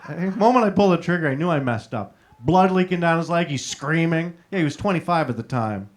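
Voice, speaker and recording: A man's voice: fairly high pitch, animated. Man telling stand-up stories. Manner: storytelling with punchy asides and crowd banter; tags jokes with a quick "right?". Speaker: stand-up comedian. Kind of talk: stand-up comedy set. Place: live comedy showroom.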